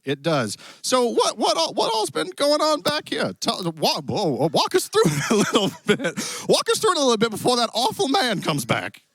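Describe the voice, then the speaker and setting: A man's voice: extremely high pitch, huge pitch swings, normal speed, few pauses, a bit bright, slightly rough, no room sound, full character voice. A man playing a hammy Old West cowboy host with a put-on Western drawl, joking his way through a live stream on a handheld mic. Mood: playful. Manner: playful, jokey, theatrical. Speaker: event host. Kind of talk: live stream hosting in character. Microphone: handheld stick mic.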